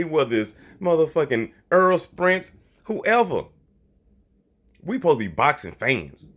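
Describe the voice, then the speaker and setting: A man's voice: on the high side, fairly bright tone, slightly rough. A man delivering a heated, profane monologue about boxing, blunt and repetitive, often mocking others in quoted voices. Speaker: boxing commentator.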